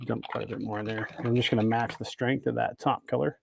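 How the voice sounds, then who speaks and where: A man's voice: mid-range voice, fairly even intonation, fast talker, vocal fry, husky. A man hosting a casual livestream from an indoor workshop, chatting and greeting viewers by name as he works. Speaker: host of a bait-making livestream. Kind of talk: casual livestream demo talk.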